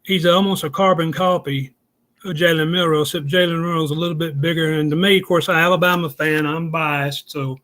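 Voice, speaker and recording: Folksy man, higher voice. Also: steady tone, a little fast, a bit bright. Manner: folksy, plainspoken, explains step by step. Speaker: guest analyst. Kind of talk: casual podcast chat.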